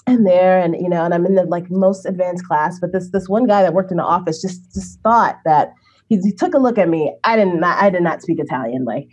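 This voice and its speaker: A woman speaking as an interview guest, talking in an animated way and laughing often. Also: fairly quick, husky. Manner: animated, acts out quoted people with big pitch jumps, laughs often. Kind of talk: conversational interview.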